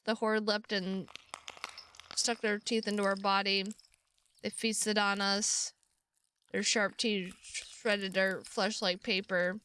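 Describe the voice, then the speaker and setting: A woman's voice: medium pitch, sharp tone, smooth. A woman streamer reading a visual novel aloud, breaking off into casual, sweary asides.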